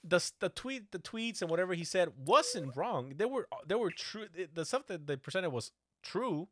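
Animated swearing man telling a story. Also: high-pitched, normal speed, no echo. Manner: animated storyteller, swears often, acts out quotes. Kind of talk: casual podcast chat.

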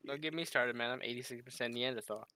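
A man's voice: medium pitch, quick pace, background noise. A young man in casual podcast chat, joking and laughing often as he tells stories. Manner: laughs often, jokey storytelling.

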